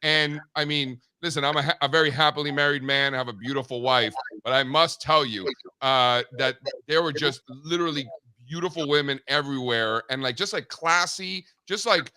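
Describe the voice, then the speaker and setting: A happily married man telling animated stories in casual slang as a regular on a studio talk show. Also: fairly high pitch, moderate pace, clean tone, dry recording. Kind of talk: casual chat.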